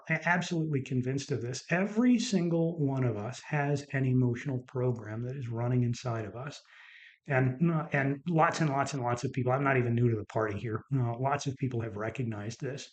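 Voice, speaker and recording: A middle-aged doctor hosts his own podcast, speaking at medium pitch and normal speed. His monologue is earnest yet casual, full of stories, and he repeats words for emphasis.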